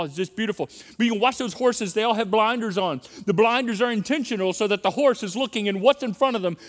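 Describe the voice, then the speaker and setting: A middle-aged male pastor preaching with emphasis, repeating key phrases again and again to drive his point home. His voice sits notably high for a man. A long reverb trails behind him from a large church auditorium. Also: a bit bright. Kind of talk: sermon on parenting.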